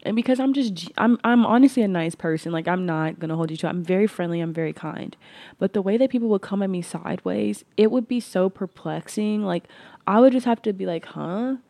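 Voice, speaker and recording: A woman's voice: medium pitch, fairly quick, gravelly, warm tone, dry recording. A woman hosting her podcast, talking earnestly in a reflective personal monologue, with frequent restarts and "like" fillers. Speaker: podcast host.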